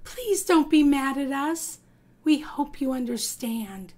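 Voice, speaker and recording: A woman voicing a kind young girl hippo in a storybook read-aloud, gentle and earnest. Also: high voice, expressive, slow pace.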